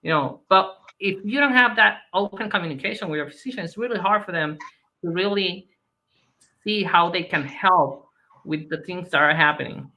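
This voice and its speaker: A man's voice: high voice, normal speed, sharp tone, a little hiss or hum, rough recording. A man joining a live video call as a guest, speaking earnestly and restarting his sentences often. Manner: earnest, hesitant with many restarts. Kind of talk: conversational advice.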